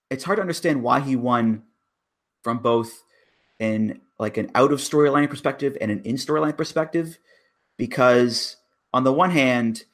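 A man with a medium-pitched voice, chatting casually on a podcast. He argues his case step by step and leans hard on the words he wants to stress. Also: fairly bright tone. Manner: analytical, emphatic. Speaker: wrestling podcast guest.

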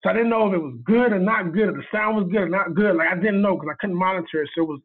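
An animated man tells a story, slipping into the voices of the people he quotes and laughing as he goes. His voice sits high and husky. It comes through a tinny, phone-like line. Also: racing. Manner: animated, acts out quoted dialogue, laughs often. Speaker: guest cinematographer. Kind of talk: storytelling in casual chat.

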